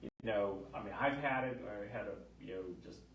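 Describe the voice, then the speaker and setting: A man's voice: on the low side, brisk, slight background noise. Chatty fertility doctor in his fifties. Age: 50s. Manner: chatty, animated storyteller with many fillers. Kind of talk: casual chat. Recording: echoey room, mic at a distance.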